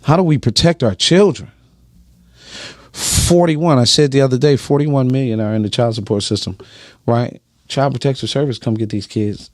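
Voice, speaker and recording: A man's voice: mid-range voice, normal speed, no room sound, clean studio sound. A man giving emphatic, preachy personal testimony on a podcast, often asking "right?".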